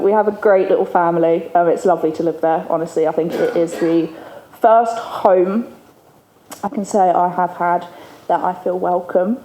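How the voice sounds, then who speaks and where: A woman giving a candid, chatty recovery testimony to an audience, laughing often. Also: medium pitch. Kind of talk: personal testimony speech to an audience. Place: event hall with an audience. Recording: echoey hall, faint room ambience.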